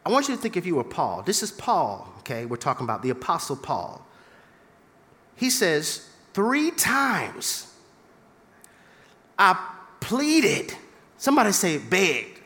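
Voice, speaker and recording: An animated preacher whose pitch swings widely and whose tone stays bright and forceful. The sermon runs as call-and-response, with humor between the teaching. A long hall reverb trails each phrase in the church. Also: a little slow, pauses often.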